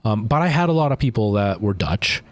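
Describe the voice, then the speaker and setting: A man's voice: on the low side, very animated, fairly quick, no room sound. A man livestreaming a game, chatting casually and rambling to his chat while he plays. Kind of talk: casual gameplay stream chat.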